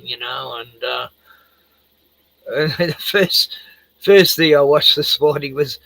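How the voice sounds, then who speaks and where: A man's voice: a little high, vocal fry, bright, forceful tone, no echo, poor audio. An older man hosting a livestream, rambling casually, laughing often and swearing freely. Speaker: livestream host. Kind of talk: casual chat.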